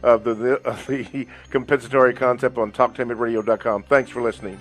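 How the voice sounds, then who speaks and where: A man's voice: mid-range voice, steady tone, brisk, soft background music. A man co-hosting a live radio talk show, backing up his guest with short affirmations and chuckles, then reading the show's welcome.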